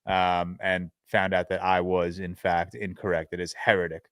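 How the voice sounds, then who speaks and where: A man hosting a casual movie podcast, chatty and relaxed, with frequent fillers. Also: deep voice, moderate pace, clean tone, dry recording, studio quality. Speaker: podcast host.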